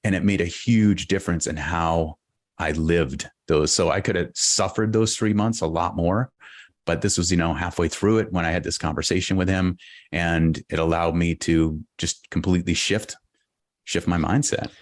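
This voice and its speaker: Very deep-voiced man telling his story. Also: steady tone, no room sound, studio quality. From Boston. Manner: earnest, reflective, halting restarts. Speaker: guest. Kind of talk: candid personal storytelling.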